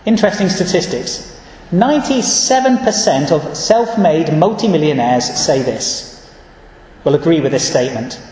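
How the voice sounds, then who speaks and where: In a large church hall with a long, echoey tail, a man preaches a sermon in an earnest, measured way. His voice is fairly high for a man, and he often pauses to read scripture verses aloud.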